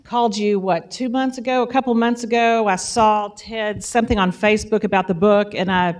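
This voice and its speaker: A woman's voice: medium pitch, steady tone, a little fast. A woman opens a live interview on stage with eager enthusiasm. She talks in a friendly, conversational way, leading into her first question. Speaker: host and interviewer.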